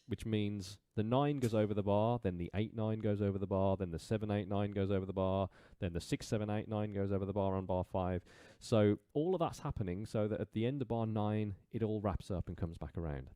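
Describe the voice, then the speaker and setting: Low-voiced English man teaching drums. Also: moderate pace, hardly any pauses, dark tone, no echo, clean studio sound. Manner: counts beats aloud, explains casually with fillers. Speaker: drum teacher. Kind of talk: live-streamed drum lesson. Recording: drum kit playing in the background.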